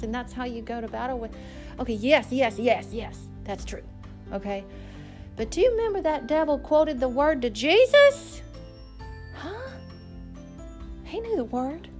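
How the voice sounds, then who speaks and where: A woman hosting a faith podcast, telling a story and preaching in an emphatic, conversational way. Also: on the high side. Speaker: podcast host.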